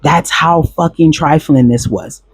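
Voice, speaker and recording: Husky, profane man telling a story. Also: fairly high pitch, unhurried, no room sound. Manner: blunt, profane, animated retelling with quoted voices. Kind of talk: casual storytelling to camera.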